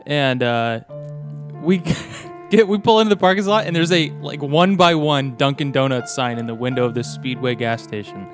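A laid-back man who is a guest on a podcast, with a mid-range voice. He tells a story in an easy, chuckling way. Music is clearly heard behind him. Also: mid-range voice, normal speed. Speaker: in-studio guest. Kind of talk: casual storytelling.

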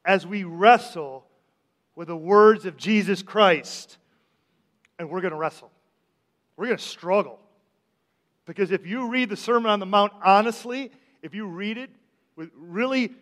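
A man's voice: high-pitched, a bit bright. A man preaching a sermon as pastor, talking conversationally, asking the congregation questions and often repeating his words. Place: church sanctuary. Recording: long church hall reverb.

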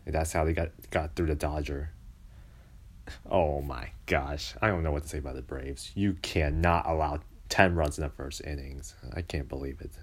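A man with an extremely deep, low voice rants casually about baseball. He sounds exasperated and mocking, complaining at length. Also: fairly even intonation, normal speed, slightly rough. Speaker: baseball fan commentator. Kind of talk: casual sports rant.

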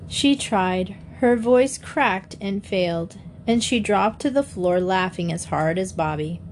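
A woman narrating a children's mystery audiobook in a measured, gentle storytelling voice. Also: medium pitch, slight background noise.

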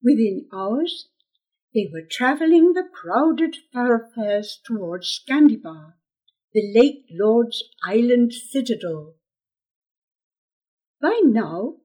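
A woman narrating a fantasy audiobook in a slow, expressive storytelling manner. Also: a little high, slightly rough.

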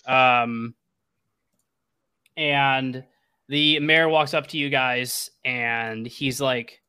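A young man narrating as game master, halting and restarting often as he talks. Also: medium pitch, fairly even intonation, sharp tone, smooth. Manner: halting, many restarts and fillers.

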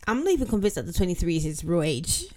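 A woman's voice: on the low side, big pitch swings, fast, darkish tone. A woman podcast co-host chatting casually and recapping a documentary's plot, acting out short quotes as she goes.

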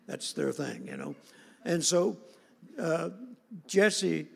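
Man, preacher, storytelling sermon, folksy, gravelly voice, long hall reverb. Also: fairly high pitch, takes it slowly. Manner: folksy, conversational.

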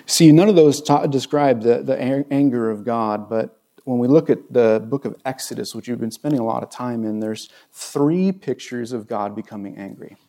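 A male pastor giving a sermon in a church, relaxed and conversational, drawing the congregation in with questions. His voice sits at a middle pitch with a noticeable gravelly rasp. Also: moderate pace, hardly any pauses. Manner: conversational, asks the audience questions.

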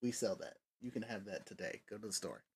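A man's voice: on the low side, a little fast, husky. A man hosting a casual tabletop gaming podcast, rambling with many fillers. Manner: rambling, filler-heavy, lively. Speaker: podcast host. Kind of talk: casual chat.

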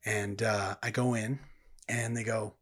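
A man's voice: lowish voice, level tone, measured pace, fairly bright tone. A man earnestly telling his personal testimony as a guest in a conversation. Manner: earnest, reflective storytelling.

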